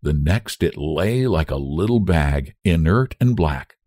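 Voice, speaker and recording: A man reading a story aloud as narrator, in an expressive, dramatic manner. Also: low voice, a little slow, no room sound, clean studio sound. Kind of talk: scripted narration.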